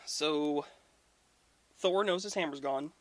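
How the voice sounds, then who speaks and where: A man's voice: fairly high pitch, slow pace, dry recording. Loki, a man doing a sly trickster god. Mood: pleading. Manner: slippery, casual, evasive.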